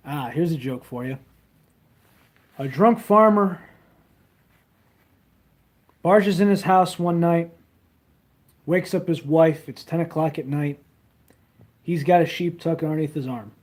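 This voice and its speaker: A young man chats loosely into a handheld phone while he streams. He is crude and meandering, with plenty of ums and trailing thoughts. His voice sits a little high for a man. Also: takes it slowly, pauses often, a little mellow. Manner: rambling, crude, many fillers. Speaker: livestreamer. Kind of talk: casual livestream chat.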